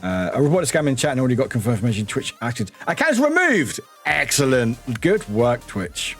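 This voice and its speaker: Lively husky male streamer. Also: on the high side. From United Kingdom. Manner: lively, swears freely, answers chat aloud. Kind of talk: casual chat reading live chat.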